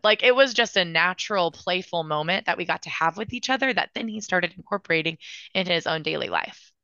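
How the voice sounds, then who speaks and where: A woman's voice: lowish voice, expressive, a little fast, bright, forceful tone, clear, resonant tone, no room sound, muffled recording. A woman music therapist answering interview questions, telling stories in an earnest, enthusiastic way.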